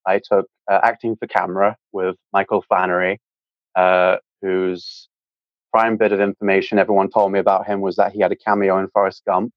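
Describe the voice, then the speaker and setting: A young man with a British accent chats as a guest, filling his talk with ums and likes. His voice sits on the low side. The recording is dull, dry and a bit lo-fi. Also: flat delivery, normal speed, no room sound. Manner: rambling, with many fillers. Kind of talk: casual interview chat.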